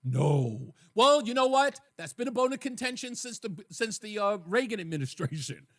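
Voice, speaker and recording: Animated high-voiced radio host man. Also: normal speed, no room sound, studio quality. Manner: animated, laughs at his own jokes. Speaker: radio talk show host. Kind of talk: call-in radio chat. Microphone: studio microphone.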